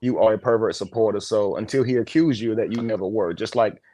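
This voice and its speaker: A man's voice: on the low side, fairly quick, dark tone. A man hosting a casual livestream commentary, talking bluntly and indignantly, with plenty of swearing. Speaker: livestream host.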